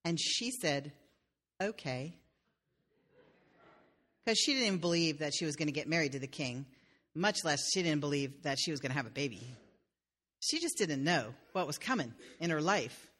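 Woman, pastor, sermon storytelling, playful asides, bright voice. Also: low voice, animated, fairly quick. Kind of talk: sermon told as a fairy tale.

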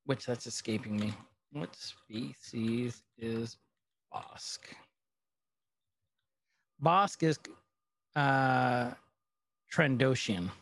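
A man's voice: medium pitch, drawn-out words, long pauses, a bit bright. A man co-hosting a podcast, recapping an episode in casual chat with rambling, filler-heavy storytelling. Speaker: podcast co-host.

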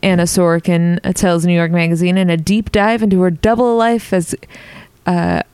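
A woman's voice: on the low side, fairly even intonation, moderate pace, a little mellow, clean tone, dry recording. A woman co-hosting a casual podcast, reading a news article aloud and stumbling and restarting over words. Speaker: podcast co-host.

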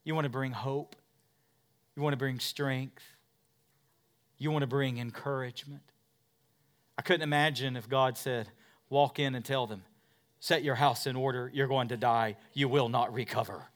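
A middle-aged male pastor preaching a sermon, swinging between loud forceful preaching and soft, quiet storytelling, with self-mocking humor. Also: mid-range voice, steady tone, normal speed, pauses often.

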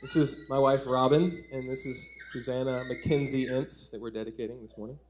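A man's voice: mid-range voice, steady tone, a little fast, background noise. A man, a parent, briefly and plainly introducing his wife and child during a church dedication.

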